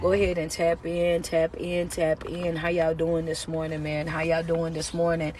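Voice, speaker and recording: A woman's voice: low voice, completely flat delivery, normal speed, darkish tone, a little hiss or hum. A woman motivational speaker greeting viewers on a live stream, upbeat and casual, repeating her greetings and using slang. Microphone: phone live stream.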